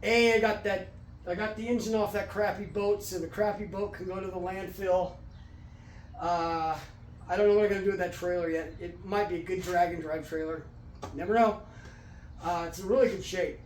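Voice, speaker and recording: A man with a fairly high voice talks his way through a home workshop project, rambling and restarting his sentences. He sounds a little out of breath. The garage around him is echoey, with a faint hum of noise behind. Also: steady tone. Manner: rambling, halting, many restarts. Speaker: garage channel host. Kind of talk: casual workshop vlog.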